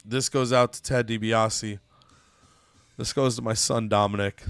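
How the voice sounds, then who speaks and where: A man voicing a weary veteran male wrestler and father, speaking low and resigned. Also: fairly even intonation, unhurried, fairly bright tone, clear, resonant tone, no room sound, faint music behind.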